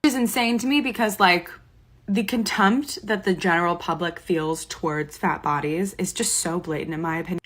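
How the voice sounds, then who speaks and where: A woman's voice: on the low side, moderate pace, a bit bright. A woman in a played video clip, earnestly giving her opinion and often saying "like". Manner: earnest, filler-laden "like".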